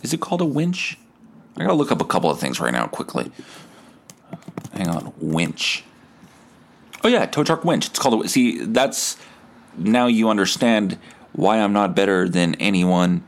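Male host; low, profane, rambling, stammering. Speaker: podcast host. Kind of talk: solo podcast rant.

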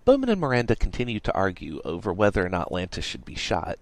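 A man reading an audiobook aloud in a playful, expressive way. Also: low voice, fast, dry recording. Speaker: audiobook reader. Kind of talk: audiobook narration.

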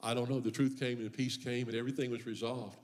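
Here the preacher speaks fast at a medium pitch, his voice a little mellow with little movement in pitch. Delivering a church sermon, he tells humorous tales about himself and builds impassioned refrains to a forceful peak.

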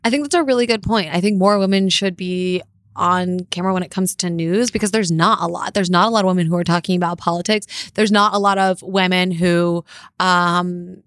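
A woman's voice: lowish voice, steady tone, fairly quick, a bit bright, no room sound, clean studio sound. A young woman guest on a podcast, talking casually with a valley-girl sound and lots of "like". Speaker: podcast guest, political host. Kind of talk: casual interview chat.

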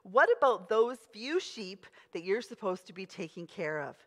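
A woman's voice: medium pitch, expressive, moderate pace, in a large hall, natural voice. A woman reading as a scornful older brother. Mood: scolding.

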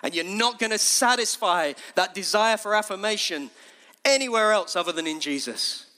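A man preaching with real fervour, his voice high and bright and edged with tension. He sinks to near-whispers, then climbs into ringing, urgent calls to his listeners. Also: animated, moderate pace. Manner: impassioned, swings from hushed to shouting. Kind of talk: sermon.

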